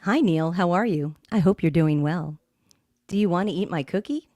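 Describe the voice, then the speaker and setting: A woman's voice: on the low side, normal speed, a little mellow, no room sound, studio quality, natural voice. A woman reading the lines of a pleading young girl in a rhyming comic poem, in her own voice. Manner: plaintive sing-song rhyming.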